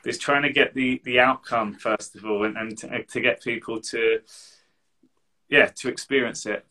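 A man's voice: mid-range voice, steady tone, normal speed, pushed and bright, low-quality recording. A man co-hosting a live session, giving casual, earnest advice, rambling and repeating words. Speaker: co-host meditation coach.

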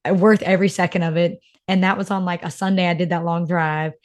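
A woman's voice: on the low side, fairly even intonation, fairly quick, a little mellow. Chatty young woman. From North Carolina. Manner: chatty, emotional storyteller, many "like" fillers. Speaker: podcast co-host. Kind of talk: casual chat.

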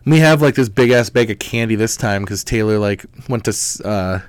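A man's voice: on the low side, moderate pace, clean tone, no room sound. A young man hosting a podcast, telling rambling, profane stories in casual chat. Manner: rambling, profane storytelling with lively quoted voices. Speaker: podcast host.

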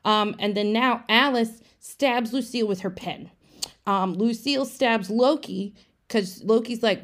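A woman giving a rapid, casual, run-on plot recap for a podcast, peppered with profanity. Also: a little high, a bit bright. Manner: breathless run-on storytelling, profane. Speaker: podcast segment presenter.

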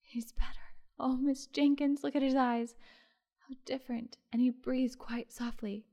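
A woman voicing a gentle, timid young mother. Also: sits high, level tone, a little slow, voice pushed up. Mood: relieved. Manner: soft, earnest, shy.

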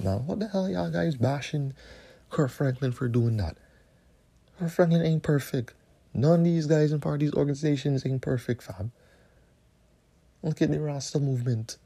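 A man's voice: fairly high pitch, moderate pace, vocal fry, pauses often, mellow, husky. A man hosting a podcast, ranting alone with heavy profanity and slang. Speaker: podcast host. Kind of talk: solo podcast rant.

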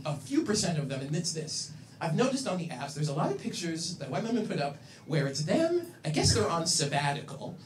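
Canadian guy doing stand-up, voice swinging all over, crowd laughing behind him. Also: high-pitched. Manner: animated, self-mocking, loud punchlines. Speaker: stand-up comedian. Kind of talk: stand-up set. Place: comedy club stage with audience. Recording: roomy club sound from a distance. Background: audience laughter.

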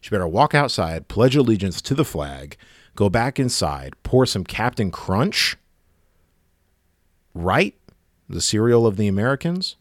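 Man, low voice, animated swings in pitch, sarcastic ranting monologue, dry sound. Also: unhurried, pauses often, no room sound. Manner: sarcastic, exasperated.

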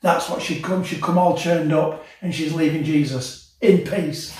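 Male pastor, impassioned sermon, swells and drops, far from the mic, booming hall echo. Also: a little slow, few pauses. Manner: passionate, rising to emotional peaks then dropping soft. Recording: very echoey, from a distance.

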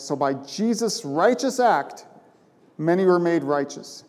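A male pastor preaching an emphatic, conversational sermon in a slightly high, mellow voice. He keeps checking in with the room through quick rhetorical questions. Long reverb from the church sanctuary trails behind each phrase. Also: expressive.

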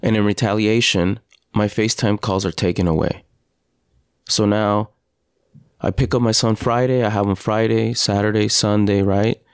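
A father hosting a podcast, telling his story in an earnest, halting personal monologue with frequent restarts. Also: lowish voice, steady tone, smooth, no echo, studio quality. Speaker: podcast host.

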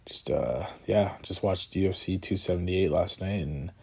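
A man's voice: deep voice, normal speed, gravelly, a little mellow, breathy edge. A man talking casually on his own, tired and yawning, rambling with lots of fillers and chuckling to himself. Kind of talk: casual solo talk about combat sports.

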